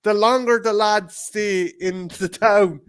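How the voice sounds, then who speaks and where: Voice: mid-range voice, steady tone, slow, clean tone. A co-host chatting casually about a movie, rambling with lots of restarts and heavy swearing. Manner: rambling and profane, with many restarts; acts out scenes in quoted voices.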